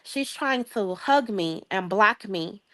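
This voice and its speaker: A young adult woman from the Chicago area, a guest telling a long story in a casual chat, lively and acting out the voices of the people in it. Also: mid-range voice, takes it slowly. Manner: lively, acts out quoted voices, laughs often.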